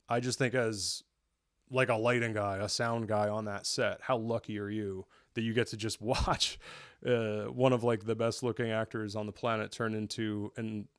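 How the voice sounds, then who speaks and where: A lowish male voice belongs to a young show reviewer from the New York area who chats with enthusiasm, rambles, and keeps restarting his sentences to correct himself. The studio sound is clean with no echo.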